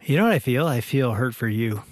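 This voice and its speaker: A man's voice: medium pitch, expressive, a little fast, dry recording. A man sits in the studio and speaks earnestly and reflectively, with a mid-range voice. the recording is dry and close. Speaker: radio show co-host. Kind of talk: casual studio conversation.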